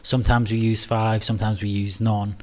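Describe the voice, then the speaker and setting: A man's voice: fairly low pitch, flat delivery, fairly quick, a little mellow. A man with a British accent hosting a live webinar Q&A, talking in a modest, hesitant way with many ums and restarts. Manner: modest, self-deprecating. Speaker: webinar presenter.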